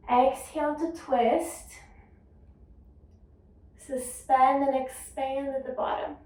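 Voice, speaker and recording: A woman guides a yoga class in a slow, measured voice, pitched a little high. She sits back from the microphone in a strongly echoing room. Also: far from the mic. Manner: calm, unhurried cueing of breath and movement. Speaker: yoga teacher. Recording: echoey room, voice off-mic.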